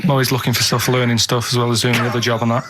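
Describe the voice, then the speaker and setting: A man with a Manchester accent, talking deadpan and rambling on a comic radio show. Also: medium pitch, rapid-fire, slight background noise. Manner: deadpan, rambling, flat-toned.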